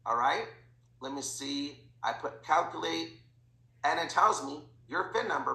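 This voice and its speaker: A man giving a sales training talk to his team, talking fast and acting out bits of dialogue with clients. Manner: fast, animated, slips into quoted voices. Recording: echoey room with faint rumble.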